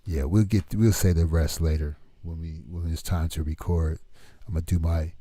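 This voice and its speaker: A man's voice: a bass voice, fairly even intonation, normal speed, dark tone, slightly rough, no room sound, studio quality. A man chatting casually on his stream in a rambling way, laughing often, talking into his own microphone at a home setup. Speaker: livestreamer making music.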